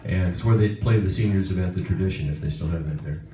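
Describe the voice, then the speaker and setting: A guitarist telling a rambling, chuckling story on stage. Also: male voice, low voice, fast talker, mellow. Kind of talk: onstage anecdote. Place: concert stage. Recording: echoey hall, far from mic, noisy.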